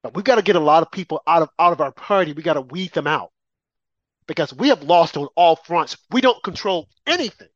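A man co-hosting a political talk show, speaking with impassioned emphasis and lively swings in volume. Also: a little high, brisk, no room sound, muffled recording. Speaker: co-host.

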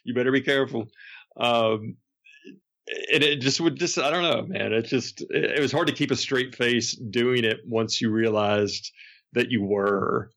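A man's voice: mid-range voice, measured pace, fairly bright tone. A man who is a podcast guest, casually telling rambling anecdotes with frequent chuckles and restarts.

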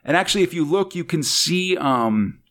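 A man's voice: fairly high pitch, expressive, moderate pace, fairly bright tone. A man hosting a casual podcast chat, rambling and hesitant, with lots of fillers and small laughs. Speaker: podcast host.

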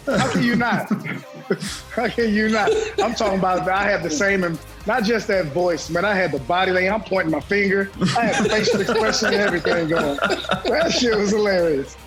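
A man's voice: high voice, expressive, moderate pace, loud music behind the voice. A man co-hosting a podcast, chatting casually, laughing a lot and swearing freely. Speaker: podcast co-host. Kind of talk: casual chat.

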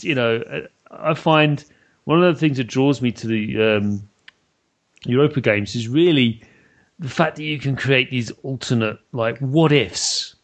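A British man hosting a podcast interview, chatty and enthusiastic, laughing often. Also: mid-range voice. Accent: British English. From Britain. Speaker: podcast host. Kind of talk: casual interview chat.

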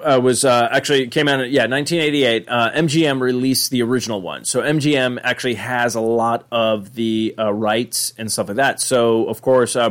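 A man in the middle of his usual pitch, hosting a loose podcast chat. He rambles, restarts his sentences, and swears casually as he thinks out loud. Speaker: podcast host.

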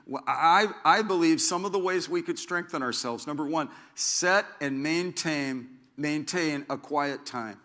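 Bright-voiced middle-aged male pastor. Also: fairly high pitch. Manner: rambling, self-deprecating, with asides and frequent restarts. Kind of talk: conversational sermon.

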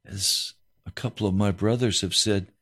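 A man preaching a sermon as a pastor, voice rising into high, pleading questions. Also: fairly even intonation, moderate pace, a bit bright.

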